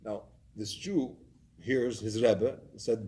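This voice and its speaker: A man's voice: mid-range voice, expressive, a little fast, a little mellow. A man, a community rabbi, telling a story in a Torah class, animatedly acting out its scenes.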